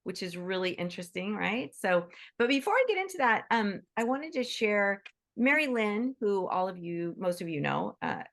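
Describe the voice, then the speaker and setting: Chatty, enthusiastic woman with a gravelly edge. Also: medium pitch, sing-song, normal speed, fairly bright tone. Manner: enthusiastic, chatty, frequent restarts and "right?"; acts out quoted voices in bursts. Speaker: workshop host. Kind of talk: casual talk to an online group.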